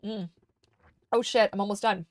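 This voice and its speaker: A woman's voice: mid-range voice, steady tone, normal speed, no echo. Chatty streamer woman, dry close mic. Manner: rambling, chatty, many restarts. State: slightly losing her voice. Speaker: live streamer. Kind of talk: casual livestream chat. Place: home streaming desk. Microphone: desk microphone.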